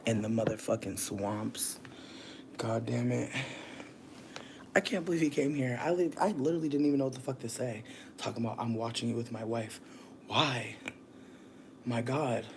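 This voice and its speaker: A streamer high on weed gummies, rambling and swearing through casual late-night livestream chat, breaking into shrieking laughter. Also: moderate pace, long pauses, a little hiss or hum.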